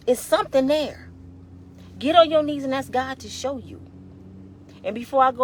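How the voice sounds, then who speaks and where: Brief: fervent woman in her fifties, preachy motivational talk, loud-to-hushed swings, on the edge of tears, faint noise behind. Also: fairly high pitch. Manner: emphatic, exhorting, shifts between loud and hushed; colloquial, addresses listeners as y'all. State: near tears. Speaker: inspirational vlogger.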